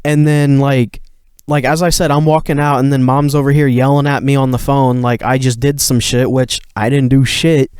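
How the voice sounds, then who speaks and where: A man's voice: mid-range voice, little pitch movement, normal speed, darkish tone, clear, resonant tone, no echo, clean studio sound. A young man co-hosting a podcast, retelling a story in casual chat, heated and profane, full of fillers. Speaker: podcast co-host.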